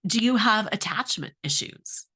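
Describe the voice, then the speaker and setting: A woman's voice: mid-range voice, expressive, unhurried, bright, forceful tone, breathy edge. Middle-aged woman coach, earnest, lots of questions, sharing her own marriage story. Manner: earnest, asks many questions. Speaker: relationship coach. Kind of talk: advice talk with personal story.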